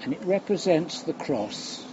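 Slow, reflective preacher, man. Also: fairly high pitch, big pitch swings. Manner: slow, reflective, drops to a hush on key phrases. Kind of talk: sermon. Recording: muffled recording with background noise.

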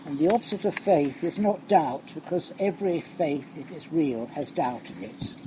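Older male preacher, unhurried and reflective, hushed on key lines; dull recording, noise behind. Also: a little high. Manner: slow, reflective, drops to a hush on key phrases. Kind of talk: sermon. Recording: muffled recording with background noise.

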